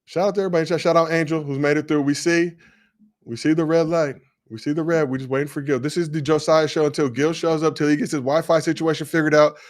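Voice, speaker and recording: A man in his forties co-hosting a casual sports livestream, joking and giving shout-outs to the chat. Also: a little high, fairly even intonation, fast, no echo. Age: 40s. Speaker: co-host.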